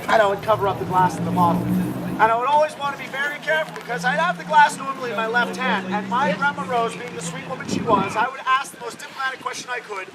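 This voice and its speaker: Male comic magician, high voice, bantering live outdoors over a noisy crowd. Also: fast. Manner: joking, banters with the audience. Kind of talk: live stand-up magic act. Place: outdoor fair stage. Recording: loud crowd around an outdoor show.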